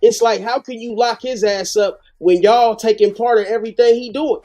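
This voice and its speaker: A man with a high, warm voice hosts a live reaction show, speaking at a moderate pace with fairly even intonation while faint music plays behind. He comments animatedly, using heavy slang and profanity.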